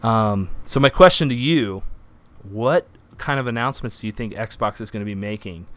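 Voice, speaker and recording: A man hosting a casual podcast chat, animated and quick to laugh, often restarting his sentences. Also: fairly low pitch, no echo. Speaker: podcast host.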